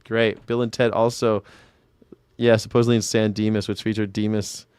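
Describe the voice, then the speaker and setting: A man runs a loose livestream as an independent commentator. He rambles, swears freely and jokes back at viewers in the chat. His voice comes through smooth and crisp on a close, dry mic. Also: fairly low pitch, level tone, normal speed, a little mellow, no room sound. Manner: rambling, profane, jokey, talks back to viewers by name. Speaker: independent news and culture commentator. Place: home in Southern California.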